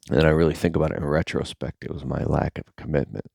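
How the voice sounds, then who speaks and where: A middle-aged man talking casually to camera as a content creator, rambling and animated, sometimes dropping to a near-whisper. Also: extremely low pitch, fast talker, vocal fry, hardly any pauses, no room sound, clean studio sound.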